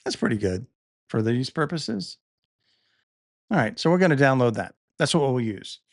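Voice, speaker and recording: A man's voice: mid-range voice, expressive, moderate pace, no room sound. Middle-aged man, casual tutorial talk, thinking aloud with small restarts, close dry mic. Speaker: podcast host demonstrating tools.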